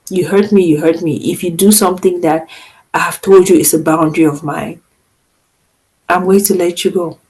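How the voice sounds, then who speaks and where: A woman's voice: on the low side, moderate pace, low-quality recording. Firm, emphatic woman podcaster. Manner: firm and emphatic, with lively swings in loudness. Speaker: podcast co-host. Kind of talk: casual podcast chat.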